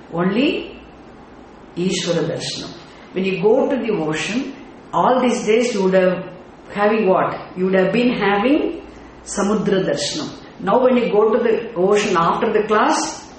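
Slow, deliberate teacher in a very echoey hall. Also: medium pitch, slight background noise. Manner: deliberate, often asks the class rhetorical check questions. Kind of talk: scripture class lecture. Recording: very echoey room with faint ambience.

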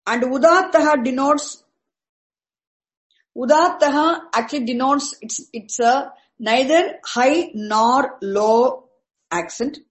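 A high-voiced woman teaches Vedic chanting marks. She goes patiently and repeats herself, breaking off words and restarting them. She spells out each term slowly. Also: poor audio. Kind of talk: explaining Vedic chanting accents to a class.

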